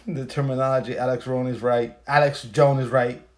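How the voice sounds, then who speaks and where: A man's voice: mid-range voice, steady tone, fairly quick, darkish tone. A man hosting a podcast, telling a story in a casual, profane, emphatic rant full of rhetorical questions. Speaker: podcast host. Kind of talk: casual ranting monologue.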